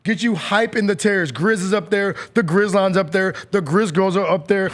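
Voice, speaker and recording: A man's voice: high voice, normal speed, fairly bright tone. A man co-hosting a sports talk show in a laid-back, slangy way. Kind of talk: casual chat.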